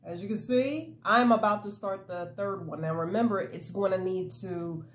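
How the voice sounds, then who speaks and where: A woman's voice: medium pitch, normal speed. A woman hosting a crochet video, chatting casually and laughing often as she works at home. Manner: giggly, chatty, animated storytelling. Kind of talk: casual chat while crocheting. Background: soft lo-fi hip-hop music.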